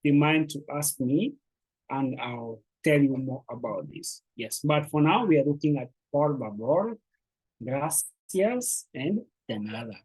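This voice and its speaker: A language teacher giving a beginner lesson, patiently repeating words slowly and encouraging the learners. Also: mid-range voice, expressive, darkish tone, husky, rough recording.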